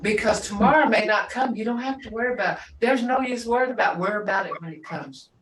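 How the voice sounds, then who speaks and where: An older woman teaching a language class, unhurried and reminiscing, often laughing as she talks. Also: fairly high pitch, fairly bright tone. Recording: echoey room, distant mic, faint noise.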